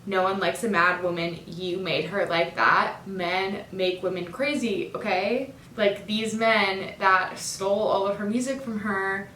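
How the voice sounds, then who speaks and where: Speaking a little slowly with fairly even intonation and few pauses, this woman sounds bright and forceful from a distance. She's a music fan chatting enthusiastically through an album's lyrics, filler words everywhere. Echo fills the room, she's off-mic, and there's a faint rumble.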